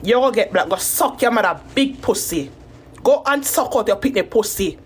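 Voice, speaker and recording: A Jamaican woman with a high voice talks to her viewers in a raw, emotional, rambling way, swearing freely as she goes. Faint background noise sits behind her. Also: lively intonation, normal speed. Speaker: content creator. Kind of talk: casual talk to camera.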